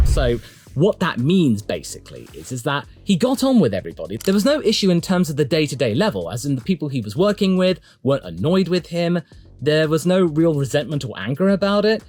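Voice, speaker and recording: A man delivering chatty, opinionated solo commentary for an online video, emphatic and swinging his pitch for emphasis. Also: big pitch swings, a little fast, darkish tone, soft background music. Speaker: motorsport YouTube commentator.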